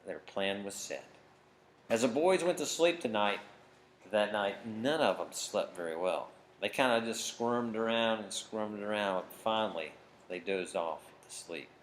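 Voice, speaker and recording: A man telling a story to children at camp, dramatic and expressive, getting loud for big moments. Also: on the low side, a little slow. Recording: faint background noise.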